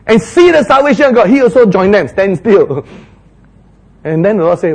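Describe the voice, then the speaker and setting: A man's voice: sits high, big pitch swings, brisk. A man preaching a sermon, laughing often and acting out biblical dialogue with sudden jumps in his voice.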